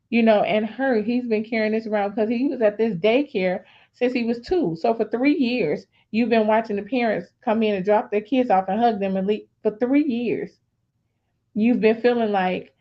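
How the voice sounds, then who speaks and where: A woman's voice: mid-range voice, muffled recording. A woman sharing a candid personal testimony on a faith talk show, telling her story directly to her listeners.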